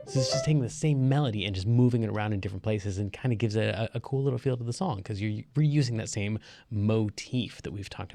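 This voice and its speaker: A man's voice: lowish voice, warm tone. A man teaching an online piano lesson in a loose, chatty way, with fillers. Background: piano playing.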